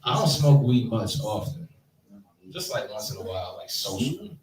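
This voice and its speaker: A man in his thirties doing a stand-up set, animated and slangy, chatting with the audience. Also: on the low side, normal speed. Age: 30s. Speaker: stand-up comedian. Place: live comedy show room. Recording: echoey room, mic from far off.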